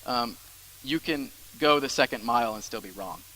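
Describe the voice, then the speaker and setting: A young adult man preaching a sermon as pastor, emphatic, repeating phrases and dropping into soft asides. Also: medium pitch, normal speed, rough recording.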